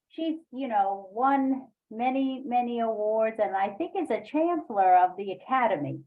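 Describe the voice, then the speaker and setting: A woman leading a poetry workshop, talking haltingly with many fillers and restarts. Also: a little high, phone-quality sound. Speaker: workshop leader. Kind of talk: online poetry workshop discussion.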